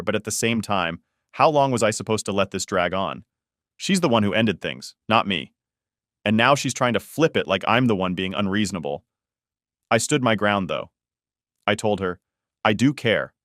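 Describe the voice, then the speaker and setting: Man, low voice, dry close sound, casual exasperated storytelling narration. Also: a bit bright, no echo. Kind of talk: first-person story narration.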